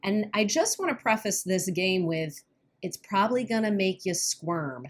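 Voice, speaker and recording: A woman's voice: medium pitch, expressive. Earnest woman coaching on a podcast. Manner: earnest, laughs when uneasy, quick bursts. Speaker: podcast co-host, weight-loss coach. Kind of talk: casual podcast chat.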